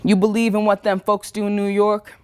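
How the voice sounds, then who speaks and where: A woman voicing a loud, bullying male small-town official who barks and mocks in an interrogation. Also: high-pitched, monotone, a little fast, smooth, close to an everyday voice. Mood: interrogating. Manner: barking, mocking interrogation.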